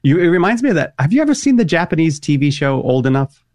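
A man's voice: a little high, big pitch swings, fast talker, a little mellow, no echo. A man co-hosting a talk show, reacting encouragingly and explaining a topic in casual chat. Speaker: co-host.

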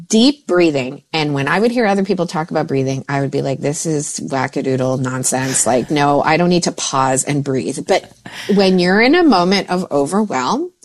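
A woman in her forties talks as a mindset coach, her pitch leaping up and down as she acts out her own thoughts. She chats casually and laughs often. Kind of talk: casual podcast chat.

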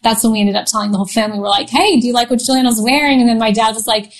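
A woman in her thirties tells a personal story as an interview guest, her voice sitting a little high. She talks in a chatty, loose way, full of fillers and restarts, and laughs often. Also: very fast, poor audio.

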